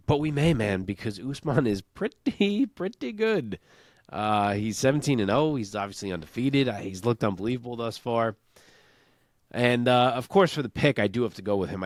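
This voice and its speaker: A man's voice: on the low side, no room sound, studio quality. A man co-hosting a casual MMA preview show, thinking aloud through a fight breakdown. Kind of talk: casual fight analysis chat.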